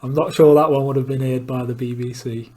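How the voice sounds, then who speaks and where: A man's voice: mid-range voice, fairly even intonation, brisk, a little mellow. A man giving blunt, opinionated commentary between clips and asking pointed questions. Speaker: political commentator.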